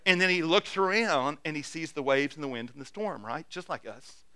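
A man preaching an earnest sermon, swinging from loud urging to soft, intimate asides. His voice is bright and forceful, pitched a little above average. The sound is dry and close. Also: normal speed, clear, resonant tone, no echo. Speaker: pastor.

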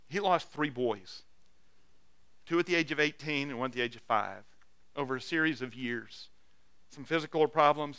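In a mid-range voice on a dry recording, a male pastor delivers a sermon with earnest urgency. He shifts from loud exhortation to quiet, intimate asides and frequently restarts himself.

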